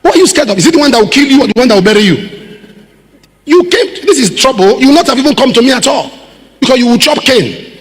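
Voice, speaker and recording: A man with a Nigerian accent preaching a sermon emphatically, with repeated rhetorical questions and bursts of shouting. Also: very high voice, animated, fast talker. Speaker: pastor. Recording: reverberant hall with loud music behind.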